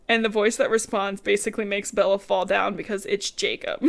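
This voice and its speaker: A woman's voice: mid-range voice, little pitch movement, measured pace. Woman podcast co-host, casual recap, chatty and sweary, lots of quoted asides. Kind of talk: casual book recap chat.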